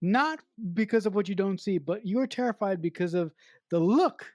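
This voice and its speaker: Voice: medium pitch, animated, normal speed, darkish tone, dry recording, clean studio sound. A podcast co-host in casual film review chat, enthusiastically analysing a director's choices with emphatic praise.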